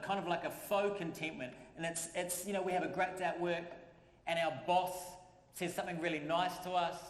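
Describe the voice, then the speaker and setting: A man's voice: on the high side, fairly bright tone. A man preaching a sermon as pastor, in a conversational way that repeats phrases for emphasis. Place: church. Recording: echoey church hall.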